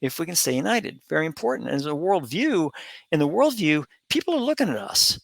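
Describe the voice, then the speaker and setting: A middle-aged man holds forth on his commentary channel in a bright, slightly high voice. He rambles, repeats phrases and stops to restart, filling gaps with "um" and "you know." The sound is close and dry, with no room around it. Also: very animated, brisk, vocal fry, dry recording. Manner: rambling, repetitive, with many fillers and restarts. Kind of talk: opinion monologue.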